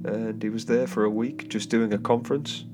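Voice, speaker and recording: Guy, lowish voice, rambling podcast chat full of ums, guitar music under him. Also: steady tone, moderate pace. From England. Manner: hesitant, with many fillers and restarts, chuckling asides. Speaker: solo podcast host. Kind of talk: rambling casual storytelling monologue. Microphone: home microphone. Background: soft guitar background music.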